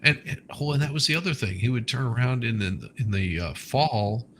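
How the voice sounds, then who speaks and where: A man's voice: medium pitch, brisk, background noise. A man co-hosting a casual chat, telling a rambling story from memory. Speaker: co-host.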